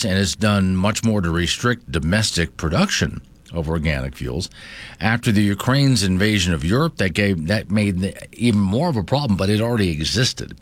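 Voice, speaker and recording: A man's voice: sits low, no echo. A man hosting a morning talk radio show, reading news and chatting with asides. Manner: conversational, animated, reads news aloud with asides. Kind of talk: talk radio monologue and banter.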